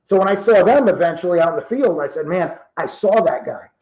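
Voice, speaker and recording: A man in his fifties from Rhode Island, telling true stories in casual talk and acting out the quoted dialogue with lively energy. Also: sits high, brisk, reverberant, muffled recording. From Rhode Island, USA. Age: 50s. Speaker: guest. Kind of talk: casual storytelling.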